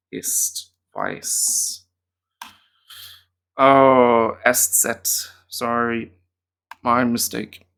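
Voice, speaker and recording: Man, German tutor, unhurried delivery, creaky fry, casual thinking aloud, self-mocking. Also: medium pitch, steady tone, fairly bright tone. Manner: chatty and self-mocking, muttering answers aloud. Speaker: German language teacher and YouTuber. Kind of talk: casual thinking-aloud commentary on a language app.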